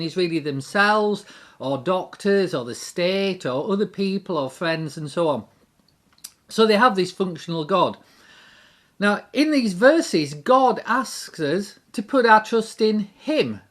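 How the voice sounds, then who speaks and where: A man's voice: sits high, fairly bright tone. Earnest man giving a devotional talk. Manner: earnest, reflective, asks many rhetorical questions. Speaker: Christian devotional speaker.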